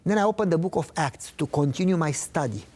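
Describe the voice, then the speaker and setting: A man's voice: a little high, expressive, fast, a little mellow. A man earnestly recounting a personal faith story in a conversational interview, acting out the dialogue he quotes. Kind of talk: conversational testimony.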